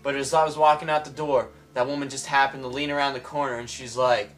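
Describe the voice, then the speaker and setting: A man's voice: mid-range voice, flat delivery, quick pace, a bit bright. A young man telling an exaggerated comic story to the camera, rambling and saying "like" a lot.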